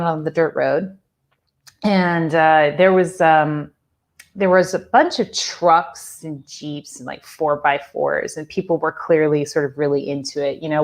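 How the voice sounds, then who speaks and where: Woman telling a spiritual story, low-pitched. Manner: chatty, laughing, lots of "like" and "you know". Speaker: spiritual teacher.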